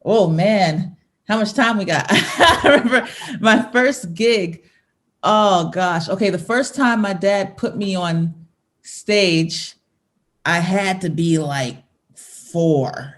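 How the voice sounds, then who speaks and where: A woman's voice: fairly low pitch, slow pace. A woman in her thirties, a singer talking as an interview guest, reminiscing casually, laughing often and restarting her sentences.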